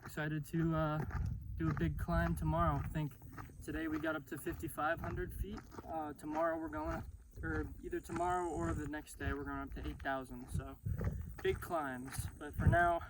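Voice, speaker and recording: A young man talks into a handheld camera as he hikes a mountain trail, chatty and upbeat, with fillers here and there. His voice sits a bit high and stays level without much rise and fall. Outdoor noise runs clearly under the whole recording. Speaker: hiker filming his own trip. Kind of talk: casual vlog narration. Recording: noisy outdoor camera audio.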